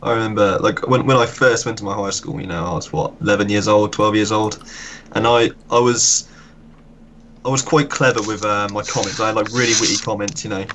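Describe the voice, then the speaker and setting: Quick talking young guy, low voice, swears a lot, faint hiss. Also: fairly even intonation, fairly bright tone. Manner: rapid, sweary, laughs at own stories. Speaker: streamer. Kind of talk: casual chat.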